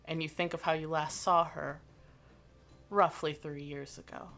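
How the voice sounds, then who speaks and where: Slow-paced woman game master. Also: sits low, little pitch movement, creaky, fairly bright tone, faint music behind. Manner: slow, descriptive narration with fillers. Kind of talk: narrating a tabletop game.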